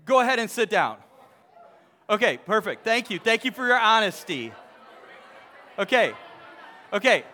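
A young man speaking to a live audience, polling them with quick questions, full of halting restarts, then reading a book passage aloud. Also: sits high, big pitch swings, pushed and bright, some chatter behind. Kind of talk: lively talk to a crowd, reading aloud.

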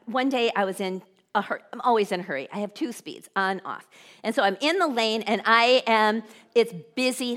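A woman preacher telling a humorous personal story in a sermon, brisk and animated. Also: medium pitch.

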